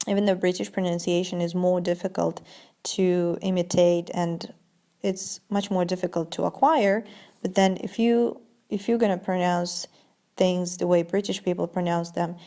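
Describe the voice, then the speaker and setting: A woman teaching an English vocabulary lesson, saying each word slowly and clearly, then translating it. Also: on the low side, steady tone, warm tone. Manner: slow, deliberate pronunciation drills.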